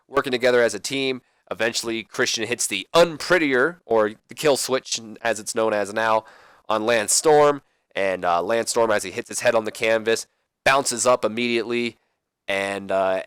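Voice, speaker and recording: A man's voice: mid-range voice, a bit bright, clear, resonant tone, no echo. A young man hosting a let's play, commenting casually in a rambling, hesitant way. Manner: rambling, hesitant, many fillers.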